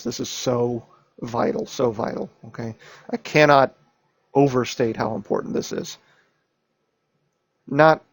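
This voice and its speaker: A man's voice: mid-range voice, no room sound. A man teaching chemistry, going over an exam and driving points home by repeating them and checking in with "okay?" and "right?". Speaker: chemistry instructor. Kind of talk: lecture reviewing an exam.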